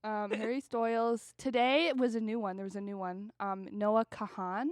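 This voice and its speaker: A young woman co-hosts a podcast, telling stories casually and animatedly while laughing often. Her voice is medium in pitch at a moderate pace, captured in clean studio sound without echo.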